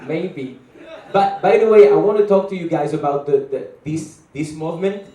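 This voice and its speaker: A man's voice: on the high side, normal speed, warm tone. A young man with a French accent joking with the crowd as a guest actor at a film event. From France. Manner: jokey, laughs through lines. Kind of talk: playful stage remarks. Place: event stage with an audience. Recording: echoey event hall, from far off.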